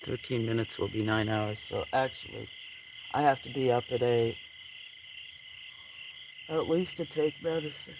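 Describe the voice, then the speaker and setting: Sleepy slow-talking man with a gravelly voice. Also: mid-range voice. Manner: sleepy, yawning, slow and relaxed. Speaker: livestream host. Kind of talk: late-night casual chat with viewers. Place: outdoors at night by a creek. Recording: outdoor night ambience with insect noise. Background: crickets, frogs and insects.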